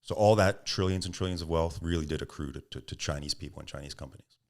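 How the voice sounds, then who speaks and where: Man, very low voice, middle-aged, lively storyteller, podcast guest. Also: quick pace. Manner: animated anecdotes, acts out quoted voices, laughs. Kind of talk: storytelling interview answers.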